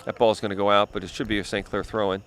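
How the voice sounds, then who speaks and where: A man's voice: lowish voice, flat delivery, racing, fairly bright tone. A man doing play-by-play for a youth soccer game, explaining plays with frequent "yep" and "uh". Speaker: play-by-play commentator. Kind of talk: local sports commentary. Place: outdoor soccer field. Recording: faint outdoor noise.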